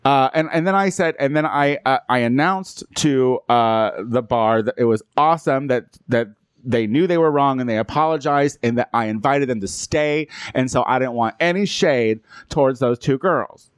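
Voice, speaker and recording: Animated man hosting, dry close sound. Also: medium pitch, moderate pace, clear, resonant tone, no room sound. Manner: animated storytelling with restarts. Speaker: podcast host. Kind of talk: casual chat.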